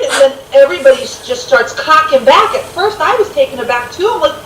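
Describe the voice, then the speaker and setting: Soft-spoken woman, echoey, off-mic. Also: expressive, normal speed, distant mic. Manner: musing, questioning, drifts soft and low. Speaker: co-host. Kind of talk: casual chat. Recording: echoey room, off-mic, faint hiss.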